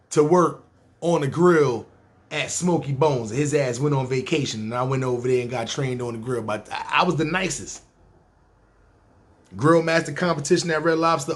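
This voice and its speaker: Here a storyteller and podcast host with a New York accent recounts a long personal tale, loose, profane and street-smart, performing others' dialogue. His voice sits somewhat high and he moves at a brisk clip.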